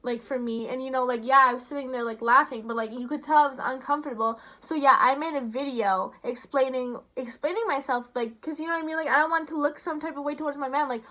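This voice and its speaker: Young woman vlogger, high bright voice, heated profane rant with lots of filler. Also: steady tone, fast, hardly any pauses. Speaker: YouTuber. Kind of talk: casual ranting vlog.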